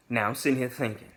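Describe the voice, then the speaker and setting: A man's voice: medium pitch, slight background noise. A young adult man casually telling a dating story to his viewers, acting out the other people's lines in slangy speech. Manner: animated storyteller, acts out quoted dialogue in slangy speech.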